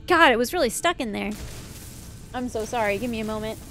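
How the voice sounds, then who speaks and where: A woman's voice: a little high, expressive, moderate pace, fairly bright tone, faint music behind. A young woman streamer chatting casually while playing, rambling through stories with lots of fillers. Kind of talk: casual gameplay chat.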